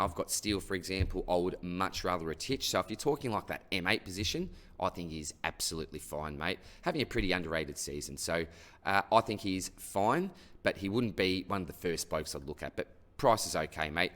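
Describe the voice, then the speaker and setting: A deep-voiced Australian man runs a relaxed mailbag segment, easygoing and conversational. He talks to each listener like an old mate and tacks a friendly "mate" or "buddy" onto nearly every sentence. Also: a little fast. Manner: matey and chatty, tags most sentences with "mate" or "buddy". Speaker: fantasy sports host answering listener questions. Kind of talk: casual mailbag Q&A.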